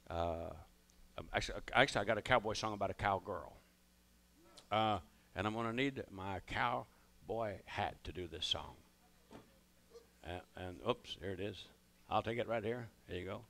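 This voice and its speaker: An older man with a drawl, telling rambling comic stories on stage. His voice is gravelly with a bright edge, and he keeps breaking off into folksy asides to the crowd. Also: on the low side. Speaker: comedian and musician on stage. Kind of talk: live stage comedy storytelling. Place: ballroom stage before a live audience.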